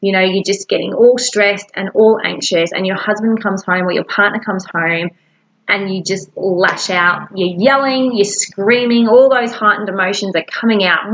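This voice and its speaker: A woman's voice: medium pitch, fairly even intonation, moderate pace, a bit bright, highs cut off. A woman giving casual, encouraging self-help advice to camera in a chatty way. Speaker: wellness coach.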